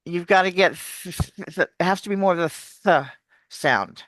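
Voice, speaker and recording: A woman's voice: on the low side, normal speed, a bit bright, no echo. A woman, a coach explaining pronunciation in a chatty, restarting way during an interview. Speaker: accent coach. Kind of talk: casual video-call interview.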